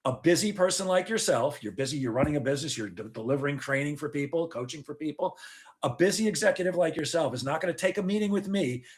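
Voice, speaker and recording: Guy with a slightly high voice, animated, jokey, acts out sales calls while talking. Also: quick pace. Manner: joking, facetious asides. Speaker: sales trainer guest. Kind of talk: conversational podcast interview.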